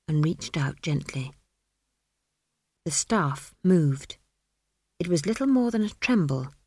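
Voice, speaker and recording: A woman narrating an audiobook in a measured, dry storytelling manner. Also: lowish voice, darkish tone, dry recording.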